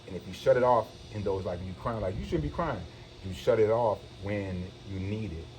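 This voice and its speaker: A man's voice: fairly low pitch, fairly quick. A man hosting a casual one-on-one conversation, talking in an earnest, reassuring, loose way with some swearing. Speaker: host. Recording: noisy background hiss.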